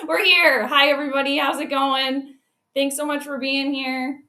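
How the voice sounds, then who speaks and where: Greeting viewers by name and laughing often between remarks, a woman hosts a laid-back livestream. Her high voice sounds pushed and bright, her pace measured, and the room echoes noticeably.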